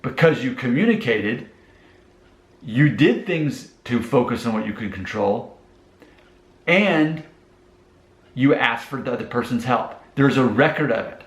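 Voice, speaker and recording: A man's voice: mid-range voice, expressive, a little slow, long pauses. Earnest man giving advice, roomy echo. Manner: earnest, repeats steps, restarts. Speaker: channel host giving advice. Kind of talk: casual advice talk to camera.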